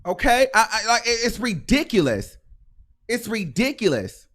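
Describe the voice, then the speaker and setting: A man's voice: high-pitched, sing-song, normal speed, a bit bright. A man hosting a livestream show, ranting heatedly with sarcasm, repetition and frequent swearing. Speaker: host.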